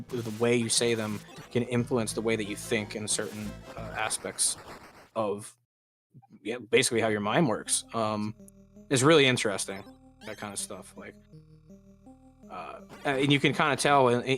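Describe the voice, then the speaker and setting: A man's voice: mid-range voice, fairly bright tone. A man streaming a game and chatting loosely, his ordinary mid-range voice tripping over fillers and restarts as he talks. Faint game music plays in the background. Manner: rambling, lots of fillers and restarts. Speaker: streamer and host. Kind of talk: casual chat while gaming.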